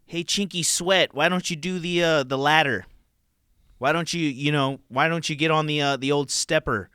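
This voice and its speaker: A man's voice: on the high side, normal speed, sharp tone, clean tone, no echo, clean studio sound, voice pushed up. A man voicing a snide talking smartwatch that mockingly nags its owner to exercise. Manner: mocking, needling.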